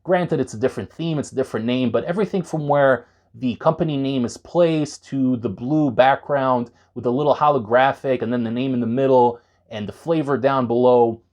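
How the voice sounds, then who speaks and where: A man talking straight to camera in an animated, conversational way, reviewing pre-workout supplements for his viewers. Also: medium pitch, a little fast, few pauses. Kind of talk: enthusiastic product review vlog.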